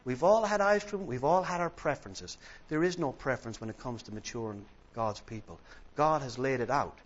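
A man's voice: mid-range voice, fairly quick, lo-fi sound. Emphatic male preacher in a sermon. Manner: emphatic, with repeated parallel phrases. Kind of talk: sermon with an illustrative story.

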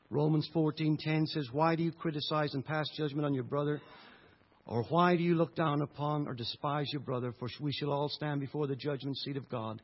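A middle-aged Irish man preaching a sermon with passion, swinging between loud outbursts and hushed moments. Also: mid-range voice, slightly rough. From Ireland. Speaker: pastor. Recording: dull lo-fi recording.

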